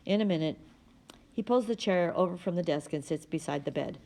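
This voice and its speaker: A woman reading a novel aloud in a steady, plain manner. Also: fairly low pitch, a little fast, vocal fry. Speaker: audiobook reader.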